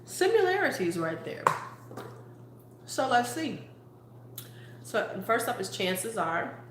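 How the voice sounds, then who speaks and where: A woman's voice: a little high, very animated, takes it slowly, background noise. A woman beauty vlogger in a casual live-stream chat, playful and talking straight to her viewers. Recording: roomy echo.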